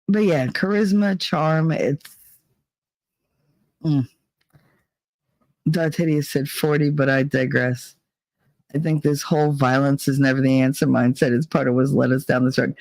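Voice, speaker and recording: Male streamer, higher-pitched voice, dry and close recording, candid and foul-mouthed chat delivery. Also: measured pace, long pauses, no room sound. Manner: blunt, profane, emotionally candid. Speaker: livestream host reading chat. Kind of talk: casual livestream chat.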